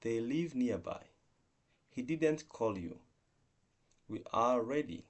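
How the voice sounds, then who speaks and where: A man teaching an online English grammar lesson, explaining slowly and going through example sentences one by one, with restarts and non-native phrasing. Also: mid-range voice, expressive.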